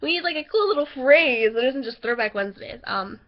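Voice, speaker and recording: A woman's voice: high-pitched, lively intonation, a little fast, highs cut off. A young woman chatting casually to her camera, rambling with fillers and giggling between stories. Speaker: vlogger.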